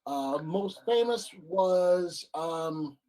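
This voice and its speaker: A man co-hosting a casual comic-book chat show, pausing often with ums as he lays out an opinion. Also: high-pitched, lively intonation, warm tone, rough recording. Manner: hesitant, lots of ums. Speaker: podcast co-host.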